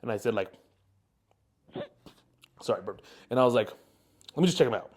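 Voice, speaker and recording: A man's voice: medium pitch, lively intonation, normal speed, slightly rough. A young man in his twenties, co-hosting a podcast and telling a long rambling story with lots of fillers. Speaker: podcast co-host. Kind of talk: casual chat, storytelling.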